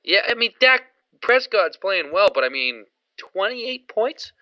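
A man's voice: high-pitched, sing-song, unhurried, no room sound. A man co-hosting a sports podcast in easygoing chat, often hedging with "I mean". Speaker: podcast co-host. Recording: dry, dull lo-fi podcast audio.

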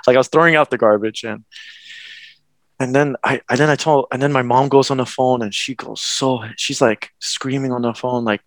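A young man tells a personal story in a loose, rambling way, stumbling over restarts and slipping in nervous laughs. His voice has a gravelly edge to it. The sound is dry and close, with no room around it. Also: medium pitch, steady tone, moderate pace, no echo. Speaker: guest. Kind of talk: casual conversation, personal story.

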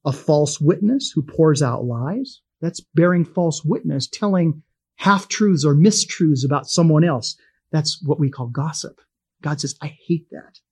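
A middle-aged man gives a Bible teaching in a folksy, storytelling manner. His voice is husky and sits a little high for a man. He chuckles easily and keeps it conversational. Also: animated, measured pace, darkish tone.

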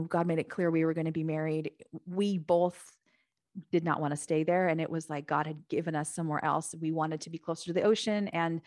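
A woman guest on a podcast, telling her own story in a chatty, animated way and sometimes acting out other people's voices. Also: low voice, no echo, studio quality. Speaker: podcast guest, author and Bible teacher. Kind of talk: casual storytelling.

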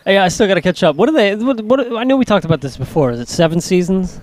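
A man with a North Jersey accent in a loose podcast conversation, his voice sitting a little high. He laughs easily, pokes fun at himself and stumbles over repeated words. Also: big pitch swings, quick pace, darkish tone. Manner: self-deprecating, laughs often, repeats words. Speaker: podcast co-host. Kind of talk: casual chat.

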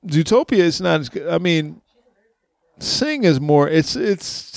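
A man co-hosting a casual podcast, his voice carrying a gravelly edge. He tells stories with energy, laughs often and swears without a second thought. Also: a little high, a little slow, no room sound. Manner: animated storyteller, laughs often, swears freely. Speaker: podcast co-host.

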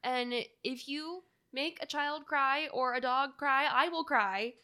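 A woman's voice: high-pitched, takes it slowly, sharp tone. A woman co-hosting a casual podcast chat about a film, talking loosely with lots of fillers. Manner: chatty, full of "like" and fillers. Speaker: podcast co-host.

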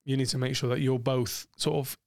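A man's voice: mid-range voice, flat delivery, fairly quick, dry recording, clean studio sound. A man, co-hosting a podcast, talking frankly and explicitly about sex in a rambling way with many fillers. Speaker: podcast co-host.

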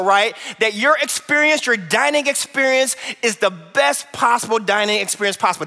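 A man from Chicago preaches with a high, bright, ringing voice, and tells his stories with lots of animation. The sound carries the long reverb of a large church hall. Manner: animated storytelling, acts out voices. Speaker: pastor. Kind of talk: sermon.

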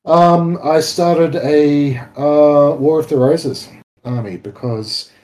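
A man co-hosting a casual podcast, talking haltingly with lots of ums and restarts. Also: on the high side, darkish tone, rough recording. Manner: hesitant, halting, many ums. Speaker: podcast co-host. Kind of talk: casual chat.

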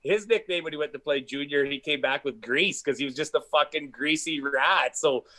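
A man with a slightly high voice spins long, rambling stories in casual chat, swearing freely and piling up restarts. He sounds animated and loose, like a guest caught up in his own tale. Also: normal speed. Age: adult with a wife and kids. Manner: profane, rambling, animated storyteller. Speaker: podcast guest.

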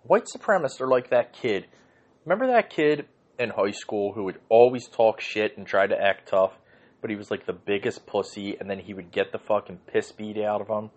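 Low-voiced, profane man ranting. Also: moderate pace, dull audio. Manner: profane, rambling, with frequent fillers and throat-clearing. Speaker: podcast host. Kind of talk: ranting casual monologue.

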